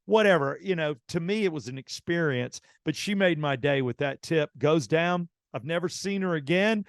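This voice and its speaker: Animated man telling a story. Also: a little high, moderate pace, no room sound, clean studio sound. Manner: animated anecdote teller, acts out quoted dialogue. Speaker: radio show host. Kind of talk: casual storytelling.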